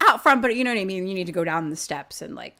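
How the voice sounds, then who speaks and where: A woman's voice: lowish voice, quick pace, gravelly. A woman podcast host casually retelling a horror film for a live audience, swearing freely and acting out scenes. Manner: animated, profane, acts out the scenes.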